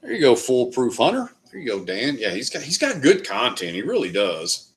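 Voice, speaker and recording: Medium in pitch but with huge pitch swings, this man talks at a moderate pace. He's running a relaxed live stream, reading viewer comments, chatting loosely and occasionally swearing.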